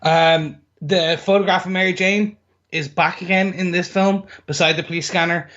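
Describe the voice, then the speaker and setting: A man with a fairly high voice runs briskly through a list of points, filling the gaps with ums. His sound comes through dull and lo-fi, and the delivery stays casual. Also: steady tone, a bit bright. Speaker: podcast co-host. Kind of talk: casual film trivia rundown.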